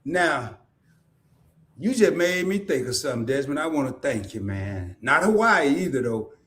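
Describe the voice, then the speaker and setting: A man with a Southern US accent hosting a casual interview, telling animated stories and laughing often. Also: medium pitch, normal speed. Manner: animated storyteller, laughs often, mimics sayings. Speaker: podcast host.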